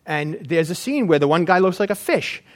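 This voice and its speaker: A man preaching in a loose, anecdotal way, full of fillers and side remarks. His voice sits high and moves a great deal. He teaches as if telling stories to friends. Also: lively intonation, brisk. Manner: rambling, anecdotal, with frequent fillers. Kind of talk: informal Bible teaching.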